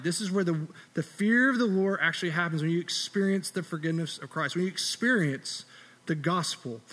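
Male pastor, earnest conversational preaching, slightly high voice, long hall reverb. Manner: drops to a soft, quiet tone in closing prayer. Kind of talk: sermon.

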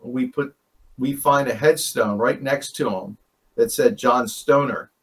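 A man's voice: medium pitch, lively intonation, unhurried. Rambling man telling ghost-hunt stories. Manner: rambling, self-correcting, chuckles. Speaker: paranormal investigator guest. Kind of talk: casual storytelling.

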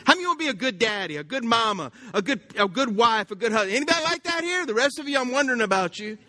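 A man's voice: very high voice, big pitch swings, racing, pushed and bright. A male pastor, preaching a conversational sermon and often asking the congregation questions. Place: church.

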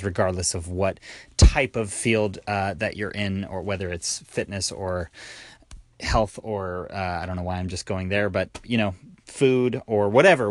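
A man's voice: on the low side, no echo. A tired young man hosting his own solo podcast, talking candidly in a rambling way with fillers and restarts. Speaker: podcast host.

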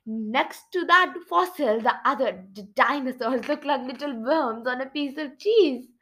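A woman's voice: high voice, unhurried, bright, forceful tone, full character voice. A woman reading aloud, voicing a timid male mouse who stammers with fright. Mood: awed. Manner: stammering, fearful.

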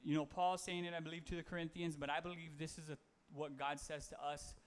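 A man's voice: on the high side, flat delivery, a little fast, clean tone. A man giving a casual, conversational sermon, reading Bible verses and talking them through with fillers and self-corrections. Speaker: preacher.

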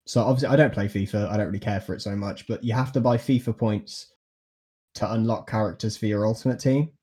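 A young man co-hosts a casual podcast with a low, mellow voice. He teases the others bluntly. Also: fairly even intonation, fast talker. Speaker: podcast co-host. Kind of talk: casual chat.

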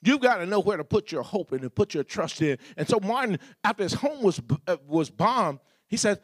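A man's voice: high voice, lively intonation, brisk, hardly any pauses, slightly rough, no room sound, studio quality. A man preaching a sermon as pastor, building repeated refrains and asking the congregation questions.

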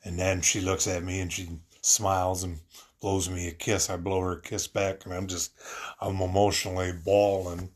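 A man's voice: deep voice, level tone, moderate pace. A man telling a personal story about his family in a rambling, earnest way, full of fillers and restarts.

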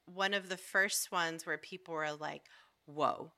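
Woman, low-pitched but bright, chatty casual storyteller. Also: fairly even intonation, moderate pace, smooth. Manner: chatty, filler-heavy storytelling with lots of "like". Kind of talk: casual chat.

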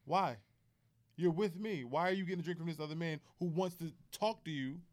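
Fast-talking blunt man. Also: on the high side. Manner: blunt and quick to cut in. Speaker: podcast guest. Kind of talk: casual podcast debate.

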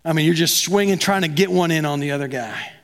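A man's voice: fairly high pitch, quick pace, fairly bright tone. A man preaching a sermon as pastor, talking conversationally and acting out both sides of quoted dialogue.

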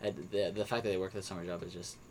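A young man, a podcast co-host, rambles through his opinions on movies in a relaxed review chat, circling back with frequent fillers and restarts. He talks very fast in a low voice, with a faint hiss of background noise behind him.

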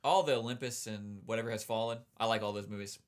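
A young man in casual, profane podcast chat, animated and quick to laugh. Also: lowish voice.

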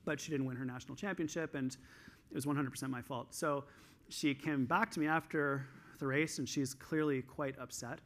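A Canadian man giving an energetic conference talk on stage, telling coaching stories in an animated way. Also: normal speed. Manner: highly energized, animated storytelling.

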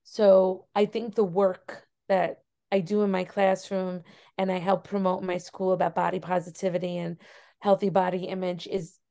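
A woman's voice: lowish voice, flat delivery, moderate pace, gravelly, mellow. A young adult woman teacher, a podcast guest, telling a personal story earnestly with many fillers. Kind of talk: casual interview conversation.

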